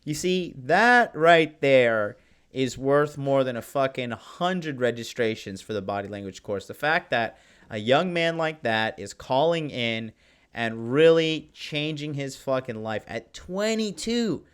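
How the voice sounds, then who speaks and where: A man hosting a live podcast, talking in a brash, profane and excitable way as he reads chat comments. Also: mid-range voice, a little slow, clean tone. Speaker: podcast host. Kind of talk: casual live-stream talk.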